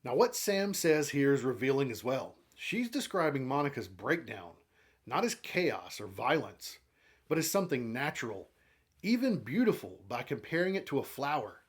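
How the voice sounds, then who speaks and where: A man recapping a comic issue and explaining its meaning in measured commentary. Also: mid-range voice, sing-song, breathy edge. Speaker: comic book reviewer.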